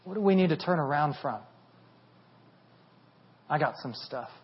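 Animated high-voiced male preacher. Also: a little slow, muffled recording. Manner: animated, rising to near shouting at peaks. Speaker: pastor. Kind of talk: sermon.

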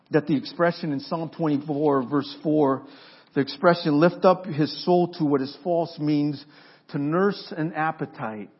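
Husky-voiced preacher with dramatic pauses. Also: male voice, on the high side. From Mexico. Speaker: pastor. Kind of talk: sermon. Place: church sanctuary. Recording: dull lo-fi sermon recording.

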